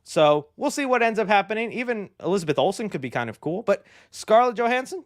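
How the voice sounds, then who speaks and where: A man hosting a movie news show, talking in an excitable, slangy and rambling way. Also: sits high, moderate pace, hardly any pauses, dry recording, clean studio sound. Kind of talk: casual movie news commentary.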